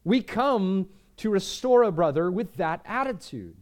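A man preaching a sermon, earnest, repeating words and moving between emphatic lines and quiet ones. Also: sits high, expressive, a little slow. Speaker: pastor.

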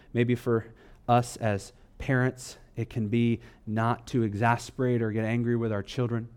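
A man preaching a sermon as pastor, swinging from loud emphatic lines to low, quiet asides and reading scripture slowly with weight on key words. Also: clear, resonant tone.

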